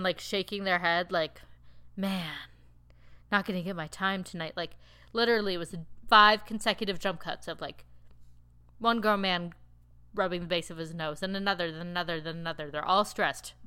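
A woman recapping a TV show in casual chat, rambling and animated with lots of filler words. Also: lowish voice, moderate pace, clear, resonant tone. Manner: animated, laughing storyteller. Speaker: TV recap podcaster.

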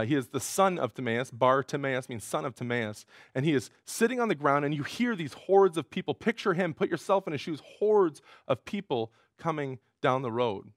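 A male pastor preaching a sermon in an earnest way, rising in pitch and force when he quotes cries. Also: dry recording, studio quality.

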